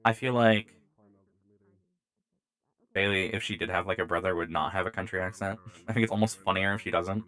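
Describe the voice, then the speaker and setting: A man's voice: sits low, fairly even intonation, fairly quick, long pauses, fairly bright tone, clean tone. A man with a Southern US accent chatting casually as a streamer, joking and rambling at his own expense. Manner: joking, rambling, self-mocking. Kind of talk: casual chat.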